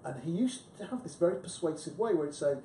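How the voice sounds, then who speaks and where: Male panelist, chatty and emphatic, faint rumble behind. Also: expressive, quick pace, mellow. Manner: chatty, emphatic, frequent restarts. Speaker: book club panelist. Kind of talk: casual discussion. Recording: echoey room with faint rumble.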